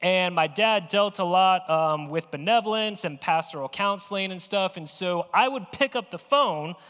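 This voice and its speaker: High-voiced man preaching in an echoing hall. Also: normal speed, fairly bright tone, smooth. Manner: conversational storytelling, playfully acting out phone calls. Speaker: pastor. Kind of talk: sermon. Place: church sanctuary.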